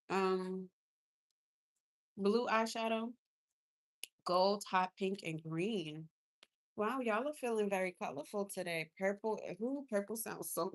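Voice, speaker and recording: Chatty woman livestreaming her makeup. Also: medium pitch. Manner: chatty and effusive, reacts to viewers and gifts. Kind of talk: casual livestream chat with viewers. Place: inside a car.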